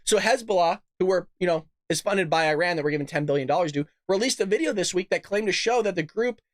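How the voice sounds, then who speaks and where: A man's voice: high-pitched, lively intonation, fast, no room sound, studio quality. A man hosting a casual political commentary show, ranting, swearing and laughing often. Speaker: podcast host.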